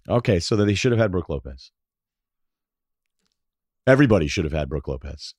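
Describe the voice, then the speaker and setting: A man as a guest on a sports podcast, arguing his points quickly and sarcastically. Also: deep voice, big pitch swings, a little mellow, dry recording, studio quality. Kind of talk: casual sports podcast chat.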